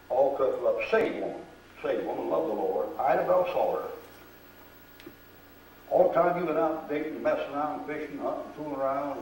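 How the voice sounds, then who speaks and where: Older man, folksy preacher, distant and roomy, faint crowd hush. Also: mid-range voice, slight background noise. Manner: folksy storytelling, acts out quoted voices. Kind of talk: sermon. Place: church. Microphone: far camera. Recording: roomy echo, recorded from afar.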